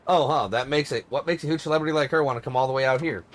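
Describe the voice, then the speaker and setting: A man's voice: mid-range voice, racing, lightly acted. A blunt male tour guide, read by a man in his own voice, tossing out dry, sarcastic remarks. His delivery stays wry and plainspoken.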